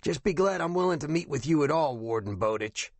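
A man reading an audiobook voices a guarded older Air Force veteran with a rough, rasping voice, pitched well above his own. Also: lively intonation, a little fast, dry recording. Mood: prickly.

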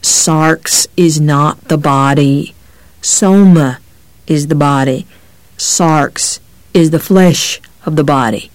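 A man voicing a big, menacing, preachy cop who speaks slowly, enunciating each word with care, in a dark, brooding voice. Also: on the high side, dry recording.

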